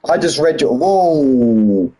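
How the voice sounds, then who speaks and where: Middle-aged British man, husky voice, casual streamer banter. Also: medium pitch, expressive, slow, warm tone, low-quality recording. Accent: British English. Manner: chatty, banters with chat, drops h's and says "mate". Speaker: sim racing streamer. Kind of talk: casual live-stream chat.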